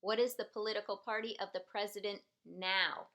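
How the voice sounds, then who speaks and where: A woman teaching a citizenship preparation class patiently repeats every question and sentence, enunciating clearly and slowly so learners can keep up. Her mid-range voice is a bit bright, with fairly even intonation and a slightly fast pace.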